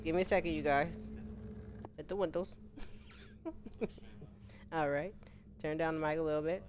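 A woman's voice: sits low, moderate pace. A middle-aged woman streaming a game live, chatting casually, greeting viewers by name and laughing often. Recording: slightly dull home-stream audio with steady noise.

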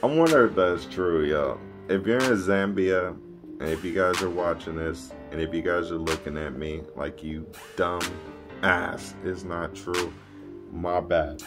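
A man hosting a reaction video, talking in a laid-back, slangy way with some swearing. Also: low-pitched. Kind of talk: casual reaction commentary.

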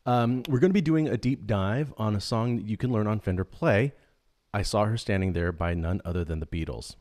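Low-voiced man hosting a guitar show. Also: a little fast, a little mellow. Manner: upbeat, joking, frequent ums. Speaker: host.

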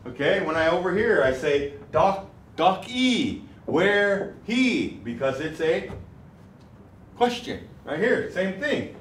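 A man teaching a language class, saying words slowly and clearly so the students can repeat them. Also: on the high side, sing-song, a bit bright. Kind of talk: classroom lesson. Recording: echoey room, mic far off, faint noise.

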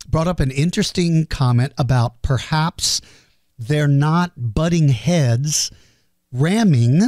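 A man's voice: on the high side, darkish tone, no echo. Middle-aged male podcast host, chatty and self-deprecating, dry studio sound. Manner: chatty, self-deprecating, reads questions aloud. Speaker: podcast host answering listener questions. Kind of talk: casual Q&A monologue.

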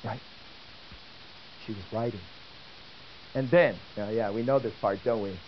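A man giving a lecture and telling a story, talking in an animated way and asking the audience questions. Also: fairly low pitch, a little slow. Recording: dull old tape with faint hiss.

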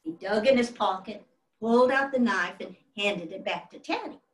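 A woman's voice: medium pitch, moderate pace, lightly acted. A woman playing a genteel 1800s widow in a live one-woman historical reenactment, telling family stories in a fond, chatty way. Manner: fond, chatty storyteller with exclamations. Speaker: actress portraying a historical first lady. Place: stage before a live audience. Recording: roomy hall from a distant mic.

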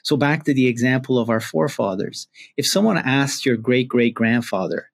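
A man's voice: medium pitch, animated, moderate pace, creaky. Guy doing a self-help vlog, earnest, stretches out the words he stresses. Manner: earnest, drawn out and emphatic on key words. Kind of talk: reflective talking-head monologue.

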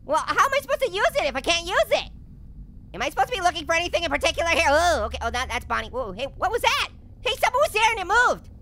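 A man voicing a hyper, wisecracking male talking orange who hosts a cartoon gaming let's-play, with punning, jumpy, giggly commentary and a squeaky voice. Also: very animated, fast talker, bright, forceful tone, full character voice. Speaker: gaming host.

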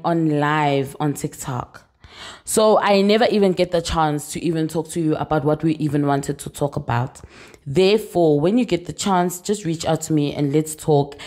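A woman's voice: deep voice, darkish tone. A young South African woman with a South African accent, chatting in a casual storytime vlog. She mixes Zulu phrases into her English and keeps checking in with the viewer. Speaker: vlogger.

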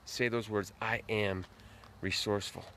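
Low-voiced man giving a folksy pep talk. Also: fairly even intonation, unhurried, creaky, a bit bright, slight background noise. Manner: greets viewers by name, folksy and earnest. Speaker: motivational live-stream host. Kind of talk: casual motivational talk. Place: outdoors at night.

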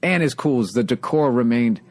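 A man from the United States, a stand-up comedian hosting a podcast, telling profane, animated stories in casual chat. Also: medium pitch, normal speed.

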